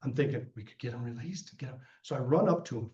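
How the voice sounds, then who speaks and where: A man's voice: mid-range voice, fast. A man giving a guest lecture who tells stories from his work animatedly, acting out the people in them, with frequent restarts. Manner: animated storyteller, acts out quoted voices, frequent restarts. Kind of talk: storytelling during lecture Q&A. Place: lecture room. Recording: roomy, dull lecture-room recording.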